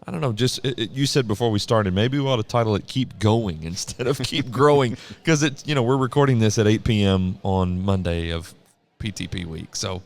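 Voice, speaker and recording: Gravelly low-voiced male podcast host. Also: brisk. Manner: joking, laughs often. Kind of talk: casual conversational interview. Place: convention exhibit hall floor.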